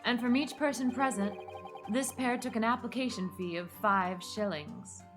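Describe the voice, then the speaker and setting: A woman voicing a smug, scheming male French swindler with a put-on French accent, speaking in a theatrical, drawn-out way. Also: a little high, music in the background, lightly acted. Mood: boastful. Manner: theatrical, drawn-out, self-satisfied. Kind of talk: reading game dialogue aloud on stream.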